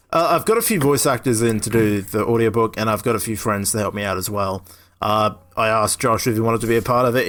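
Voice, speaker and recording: Brief: casual male podcast host, mid-pitched, rambling and laughing. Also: fairly bright tone. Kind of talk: casual chat.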